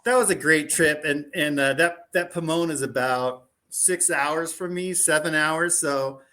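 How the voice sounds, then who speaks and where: Animated man telling a rambling story. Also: a little high, measured pace. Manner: animated, rambling, full of "like" and restarts. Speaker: podcast guest. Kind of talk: casual storytelling chat.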